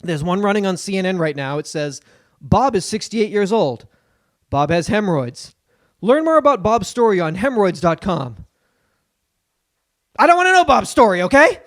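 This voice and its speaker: A man doing an impression of a cranky older male stand-up comedian, ranting loudly with punchline beats. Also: sits high, big pitch swings, moderate pace, pauses often. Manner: loud indignant rant with punchline beats.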